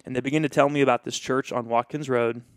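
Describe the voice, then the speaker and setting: A man's voice: mid-range voice, steady tone, fast talker, dry recording, clean studio sound. A man who is a pastor, telling a story in casual conversation and acting out the quoted dialogue with animation.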